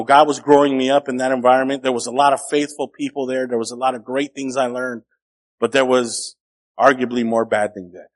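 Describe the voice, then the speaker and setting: A man preaching a sermon as a pastor, telling a personal story in a conversational way, rising to emphatic peaks and dropping quiet. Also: medium pitch.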